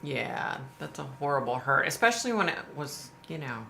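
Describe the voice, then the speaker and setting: Brief: low-voiced, bright-toned woman, middle-aged, casual sympathetic livestream host, echoey room with faint hiss. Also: very animated, measured pace, vocal fry. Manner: chatty, sympathetic, greets viewers by name.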